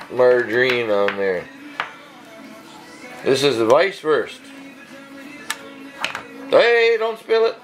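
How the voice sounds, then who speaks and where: A man's voice: medium pitch, low-quality recording. A man hosting a casual home cooking vlog, joking and coaxing others to taste the food. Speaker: home cook vlogger. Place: home kitchen.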